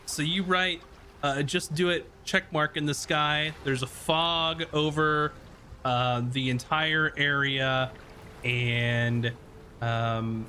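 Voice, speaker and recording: A man running a tabletop game who narrates scenes casually and loosely, with plenty of pauses and fillers. His voice is mid-pitched and relaxed. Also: a little hiss or hum. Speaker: game master.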